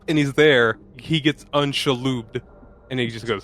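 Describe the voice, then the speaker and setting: A man co-hosting a podcast, laughing easily and retelling movie scenes in a relaxed way. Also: mid-range voice, normal speed. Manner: laid-back, laughs often, retells scenes. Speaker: podcast co-host. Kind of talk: casual movie chat.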